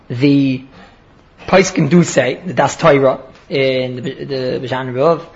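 A man's voice: medium pitch, slow, pauses often, dull audio. A man giving a daily Talmud lecture in an earnest way, often restarting and repeating words as he explains. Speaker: Talmud teacher.

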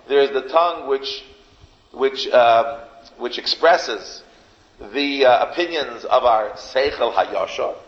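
Male rabbi giving an emphatic, repetitive story sermon. Gravelly voice, recorded in an echoing hall. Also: mid-range voice. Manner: repetitive, emphatic, sprinkled with Yiddish and Hebrew terms. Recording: echoey hall, dull lo-fi sound.

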